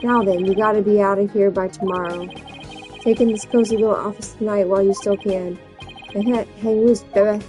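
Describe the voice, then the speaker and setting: A woman's voice: mid-range voice, steady tone, normal speed, darkish tone, faint music behind, lightly acted, rough recording. A woman voicing a smug, scheming male thug who taunts and gloats. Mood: gloating.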